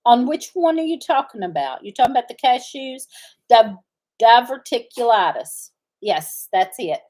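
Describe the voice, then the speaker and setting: A middle-aged woman with a drawl talks casually to her livestream viewers from the farm. Her speech rambles from thought to thought, with frequent pauses while she searches for a word. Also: a little high, big pitch swings, darkish tone. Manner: rambling, often searching for words. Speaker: farm channel host.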